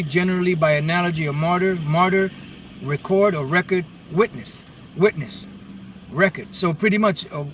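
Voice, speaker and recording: A man's voice: on the high side, a bit bright. Man teaching scripture, heard from a distance. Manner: reads verses aloud, then explains word meanings with many restarts. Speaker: bible teacher. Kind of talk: informal scripture lesson. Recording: distant mic with faint vehicle noise.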